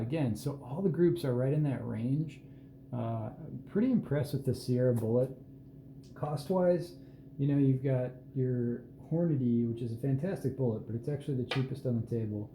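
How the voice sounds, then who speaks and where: Dark-voiced man at his reloading bench. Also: mid-range voice, slight background noise. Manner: unhurried, plain-spoken, self-deprecating asides. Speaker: host showing his hand loads. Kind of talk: casual hands-on explanation. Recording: roomy echo with faint ambience.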